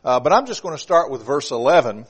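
A middle-aged man preaching a sermon, moving from a calm welcome to loud, emphatic preaching and often repeating words as he restarts. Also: mid-range voice, fast talker, breathy edge.

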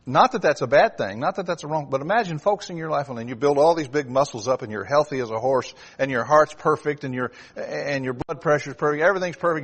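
A man's voice: fairly high pitch, breathy edge. A man preaching a sermon, stressing key words and asking the congregation direct questions. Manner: emphatic, rising and dropping for emphasis.

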